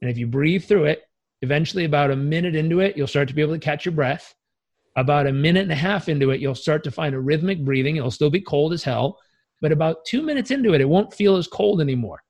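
A man coaching as a podcast guest, telling stories in an energetic, emphatic and casually profane way. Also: on the high side, quick pace. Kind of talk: podcast interview storytelling.

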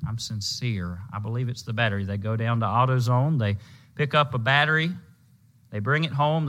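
A man preaching a sermon, emphatic, slowing down and drawing out key words to stress a point. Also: mid-range voice, fairly bright tone.

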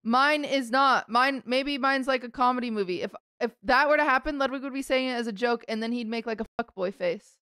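A woman's voice: on the high side, brisk, bright, forceful tone, clean tone, no echo, clean studio sound. Giggly rambling young woman podcaster. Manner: giggly, rambling, trips over words. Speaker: podcast co-host. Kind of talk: casual chat.

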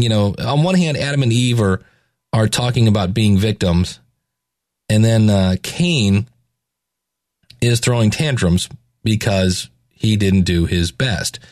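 A man's voice: on the low side, a little slow, dry recording, clean studio sound. A middle-aged man giving a casual Bible reflection, talking loosely with restarts and hesitations and retelling scripture in everyday speech. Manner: conversational, rambling with restarts and hesitations.

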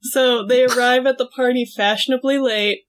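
A woman co-hosting a podcast, casually retelling a comic plot and acting out quick quoted lines. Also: fairly high pitch, steady tone. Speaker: podcast co-host. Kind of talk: casual chat.

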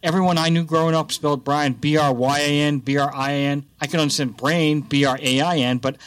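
A man's voice: on the high side, steady tone, brisk, a bit bright. Playful man from Alabama hosting radio. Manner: jokey, playful. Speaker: radio host. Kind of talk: casual radio talk.

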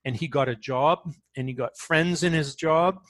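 A man's voice: on the high side, moderate pace, a bit bright, no room sound. A man speaking as an author in an interview, talking earnestly and often restarting his phrases as he tells a story.

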